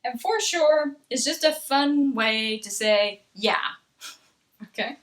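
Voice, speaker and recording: A woman teaches English pronunciation in a patient, deliberate way, pausing often to check that learners follow. Her voice sits a little high for a woman. She takes her time over every phrase. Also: animated. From Texas. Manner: patient, slow, repeats "okay?" often. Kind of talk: accent lesson.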